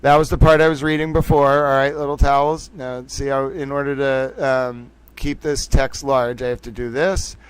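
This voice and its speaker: A man's voice: mid-range voice, level tone, moderate pace, hardly any pauses, clean tone, dry recording. A man with a hard Boston accent hosting a live stream, talking straight to his viewers in a theatrical way and repeating his catchphrases. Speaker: livestream host.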